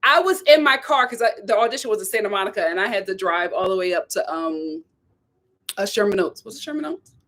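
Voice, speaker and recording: A woman's voice: mid-range voice, animated, fairly quick, a bit bright. A woman hosting her own vlog, chatting casually and emphatically as she tells a story and acts out the voices of other people. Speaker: vlog host and actress. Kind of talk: casual opinion chat.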